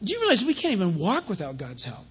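A man preaching a sermon in a conversational, animated way, telling stories between scripture. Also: high-pitched, fast, husky. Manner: conversational preaching with anecdotes, rising to animated emphasis.

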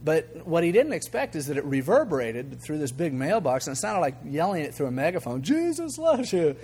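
Older male pastor, lively storytelling sermon. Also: a little high, fairly quick, breathy edge. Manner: conversational, animated, acts out quoted voices, chuckles.

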